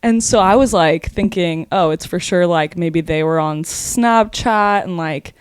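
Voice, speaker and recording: Fairly low-pitched and clear with a resonant tone, this twenties-aged woman co-hosts a podcast in a dry, studio-quality recording. Her casual, wild story comes out fast and animated, peppered with swearing and frequent "like"s.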